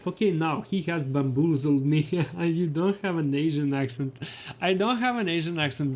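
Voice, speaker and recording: A gaming streamer plays live and chats with his viewers in a playful, teasing, animated way. His medium-pitched voice carries a non-native English accent often taken for Slavic, and there's a little hiss or hum in the audio.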